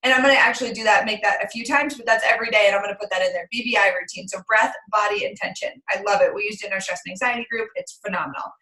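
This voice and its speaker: Chatty bright-voiced woman, echoey room. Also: medium pitch, very fast, hardly any pauses. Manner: chatty, animated storytelling with acted quotes. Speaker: group call member. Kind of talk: casual chat.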